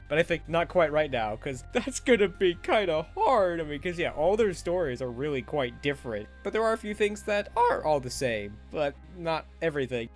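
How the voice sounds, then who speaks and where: A man giving a casual, chatty spoken review of a cartoon episode, animated and often laughing at himself. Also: on the high side. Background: faint background music.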